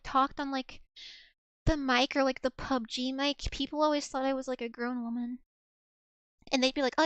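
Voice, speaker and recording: A woman's voice: sits high, a bit bright, no echo. A woman VTuber streamer in casual livestream chat, rambling along with lots of fillers and restarts.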